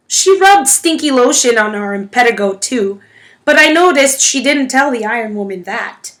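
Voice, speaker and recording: Expressive woman reading a novel aloud. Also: on the high side, normal speed. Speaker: audiobook reader. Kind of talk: first-person novel narration.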